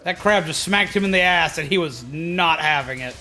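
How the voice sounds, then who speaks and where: A man's voice: on the high side, normal speed. A man streaming a game, chatting casually and yelping at the action. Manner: excitable, yelps at game action. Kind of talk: casual gaming stream chat.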